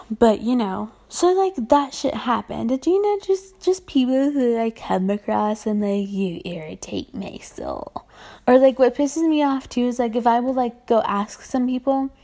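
Speaking a little slowly, a young woman in retail vents on her casual ranting vlog in a fairly high, creaky voice with a darkish tone. Her delivery is exasperated and profane, packed with filler words, and she considers her own voice annoying.

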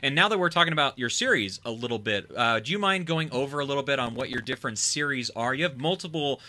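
A man's voice: medium pitch, lively intonation, quick pace, bright, forceful tone. A man hosting a podcast, upbeat and casual, relaying questions from listeners. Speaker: podcast host.

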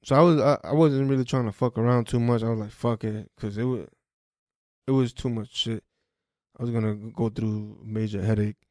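A man hosting a podcast, telling a personal story in a casual, profane, animated way and re-enacting conversations. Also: medium pitch, moderate pace, no echo, studio quality. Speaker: podcast host.

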